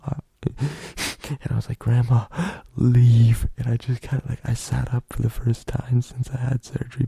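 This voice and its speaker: A man's voice: medium pitch, creaky, dark tone, breathy edge, no room sound. A young adult man telling a long, rambling story in a loose, profane, casual way, full of fillers. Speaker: podcast host.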